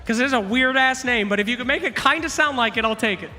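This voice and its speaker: A man hosting a quiz at a live event, loud and playful, teasing contestants and shouting out to the crowd. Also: very high-pitched, quick pace. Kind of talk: energetic stage hosting to a crowd. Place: large live event arena. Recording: echoey arena hall with music.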